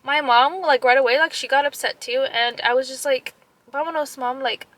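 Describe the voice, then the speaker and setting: Bright high-voiced young woman telling a story. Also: a little fast. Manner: animated retelling, many "like" fillers, drops Spanish phrases; upset and emotional. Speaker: vlogger. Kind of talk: casual storytime vlog.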